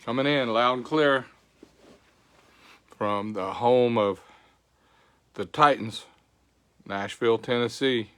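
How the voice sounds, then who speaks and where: A man's voice: mid-range voice, takes it slowly, pauses often, a bit bright, smooth. An older man hosting a casual livestream, folksy, greeting viewers by name. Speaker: show host. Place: home.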